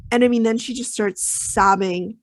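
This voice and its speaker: A woman's voice: a little high, steady tone, normal speed, dry recording. Chatty woman podcaster recapping a show. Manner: chatty storytelling with many ums and you knows. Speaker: podcast co-host recapping an episode. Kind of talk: casual chat.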